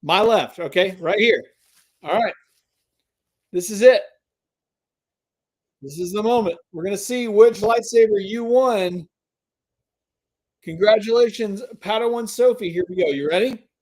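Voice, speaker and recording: A man's voice: high voice, measured pace, pauses often, darkish tone. A man hosting a live stream giveaway, chatting to viewers and drawing out the suspense. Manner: hypes and drags out suspense, talks to chat.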